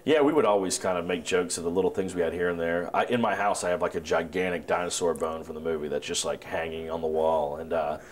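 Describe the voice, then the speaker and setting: A man's voice: sits low, steady tone, fast, few pauses. A man being interviewed about his film, talking in a laid-back, rambling way with lots of restarts. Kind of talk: casual interview chat.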